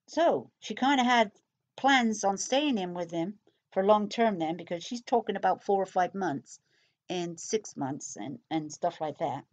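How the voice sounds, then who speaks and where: A woman's voice: lowish voice, darkish tone, dull audio. A woman giving casual recorded commentary on a true crime case, chatty and repetitive, speculating aloud with asides.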